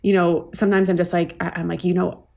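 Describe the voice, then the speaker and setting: A woman's voice: lowish voice, little pitch movement, quick pace, creaky, a little mellow. A woman guest chef on a podcast in casual chat, telling stories with lots of fillers and restarts. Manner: rambling storyteller, many fillers and restarts.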